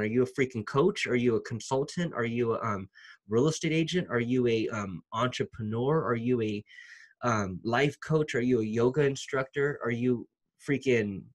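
An excited man talks straight to his viewers in a loose, slangy vlog style. His voice sits at an ordinary middle pitch, and he piles up restarts and casual filler as he gets fired up. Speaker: YouTuber. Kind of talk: casual vlog talk to camera.

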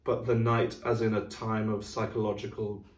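With little pitch movement and a lowish voice at normal speed, a middle-aged man who seems like a music director chats casually about classical music, explaining carefully and singing out rhythms. The mic is distant and slightly off, leaving room echo.

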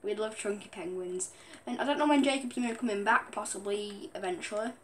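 A woman's voice: mid-range voice, a little fast, a bit bright, slight background noise. A young woman on a headset mic, rambling through casual game commentary and often breaking into giggles. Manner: giggly, rambling, keeps apologizing for laughing. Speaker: gaming vlogger.

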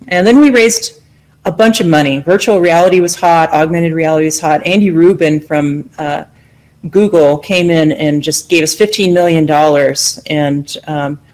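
A woman's voice: low-pitched, a little mellow, rough recording. A middle-aged woman from the United States, giving a conversational conference talk about her own journey, candid and full of fillers and restarts. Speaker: conference keynote speaker. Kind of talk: personal storytelling talk.

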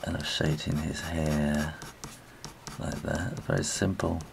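A low-voiced British man with a gravelly edge talks through a drawing lesson in a loose, chatty way, trailing off mid-phrase as he works. He sounds middle-aged, and a faint hiss sits under the recording. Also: steady tone, slow pace. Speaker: illustrator teaching drawing. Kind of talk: relaxed spoken drawing tutorial.

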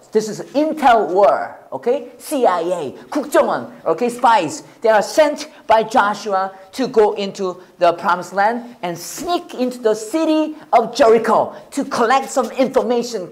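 A pastor with a Korean accent preaching a sermon, animated and often checking with the audience. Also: male voice, high voice, moderate pace, few pauses. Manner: animated, repeats and restarts, asks the audience "right?".

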